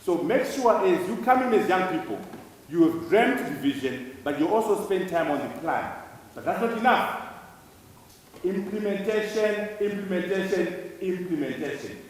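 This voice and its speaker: A man's voice: sits high, very animated, moderate pace, a little hiss or hum. A man from Zimbabwe giving an emphatic conference speech to students, hammering key words through repetition. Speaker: conference speaker. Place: large lecture hall. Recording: echoey hall, speaker far from mic.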